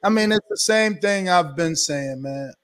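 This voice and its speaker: A man as a guest in a casual interview, talking in a measured, insistent way full of rhetorical questions. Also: high voice, expressive, fairly bright tone.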